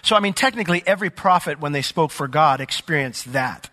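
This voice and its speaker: A man with a fairly high, bright, forceful voice preaches a sermon from the pulpit. He talks in a conversational way and puts questions to the congregation. A long church reverb trails each phrase. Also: lively intonation, fairly quick. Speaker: pastor. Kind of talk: sermon with Bible reading.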